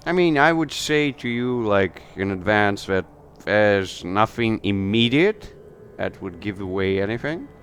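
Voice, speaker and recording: Slow, bright-voiced man running the game. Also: fairly low pitch, lively intonation, slight background noise. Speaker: game master. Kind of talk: narrating a tabletop game.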